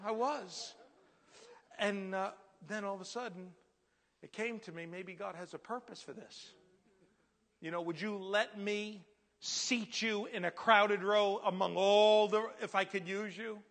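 High, gravelly preacher man in a reverberant hall. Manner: animated storyteller, drops to a hushed whisper for God's words. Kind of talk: storytelling sermon.

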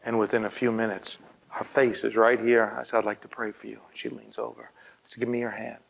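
A man preaching, telling a personal story and often dropping to a hushed, breathy near-whisper. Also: fairly low pitch, flat delivery, a little fast, a little hiss or hum, low-quality recording. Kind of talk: storytelling sermon.

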